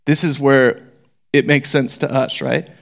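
A man's voice: mid-range voice, level tone, a little slow, gravelly. A man teaching a casual Bible study, reading scripture aloud with rising emphasis and chatty asides to listeners.

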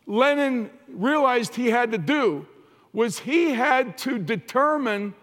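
A male pastor delivers a sermon in a slow, deliberate cadence, with a fairly high voice for a man. He speaks earnestly, stumbling and repeating words as he works toward each point. The sound carries a long reverb from a large hall. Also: fairly bright tone. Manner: earnest preaching with frequent restarts and repeated words.

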